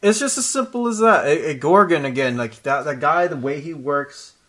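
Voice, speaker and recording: A man's voice: fairly high pitch, animated, normal speed, a bit bright. A man co-hosting a casual comic book chat, rambling and restarting often with fan enthusiasm. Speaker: comic book podcast co-host.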